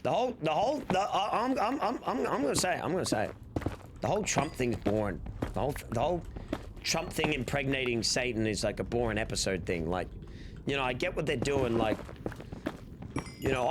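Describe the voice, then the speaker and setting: Animated Australian man streaming. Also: medium pitch, brisk, pauses often. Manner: rambling, animated, swears freely. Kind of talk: casual gaming stream chat. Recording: steady background noise.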